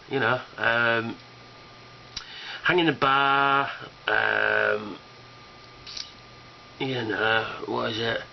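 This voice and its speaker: A man's voice: medium pitch, muffled recording, a little hiss or hum. A man rambling casually about a fan convention, enthusiastic and swearing, with lots of fillers. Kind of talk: casual rambling video response.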